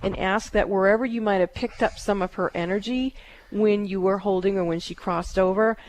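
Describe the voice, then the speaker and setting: A woman hosting a call-in psychic radio show, giving calm, halting readings with many fillers. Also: mid-range voice, slight background noise.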